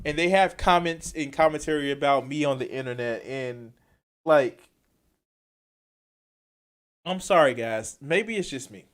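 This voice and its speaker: A man reacting to clips on a live stream, blunt and profane, swinging from quiet mumbling to loud outbursts. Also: a little high, expressive, unhurried, long pauses. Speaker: commentary streamer.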